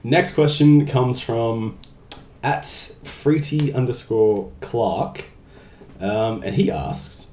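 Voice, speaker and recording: A man's voice: mid-range voice, extremely slow, mellow, slight background noise. A young man casually answering fan questions in a vlog, reading each one aloud and joking around. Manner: chatty, jokey, reads questions aloud. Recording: roomy echo.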